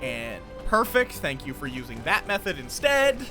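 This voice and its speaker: A man's voice: a little high, big pitch swings, moderate pace, music in the background. A man casually commenting on his live game stream, chatty and thinking aloud, greeting viewers as he builds.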